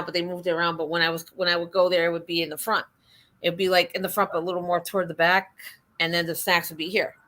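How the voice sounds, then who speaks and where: A woman hosting a casual livestream chat, telling a story with lively, acted-out dialogue. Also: medium pitch. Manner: animated storyteller, acts out quoted dialogue. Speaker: livestream host.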